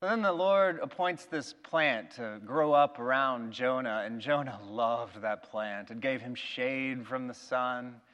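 A man preaching a sermon, retelling a Bible story in a lively way with acted-out quotes. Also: mid-range voice, a little slow, hardly any pauses, muffled recording. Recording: long reverb of a big hall.

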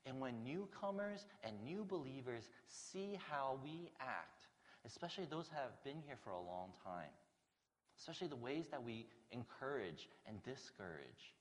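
Earnest pastor preaching in a hall. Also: male voice, medium pitch, big pitch swings, moderate pace. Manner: earnest, conversational preaching with restarts. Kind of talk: sermon.

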